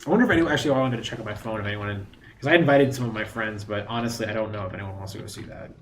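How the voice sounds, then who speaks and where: A man's voice: lowish voice, rapid-fire, slight background noise. A man chatting casually while streaming a game, rambling between thoughts and throwing in mocking asides. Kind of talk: casual gaming stream chat.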